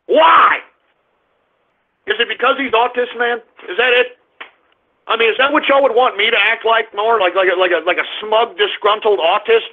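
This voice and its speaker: A male talk radio host ranting in a sarcastic, profane style. His voice is unusually high for a man and has a gravelly fry. It sounds thin and narrow, like a phone line.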